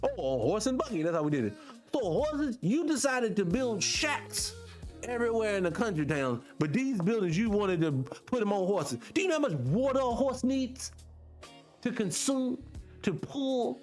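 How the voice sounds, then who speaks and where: Animated high-voiced man ranting. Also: normal speed, faint music behind. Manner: animated, rhetorical questions, profane. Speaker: podcast host. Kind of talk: casual monologue to viewers.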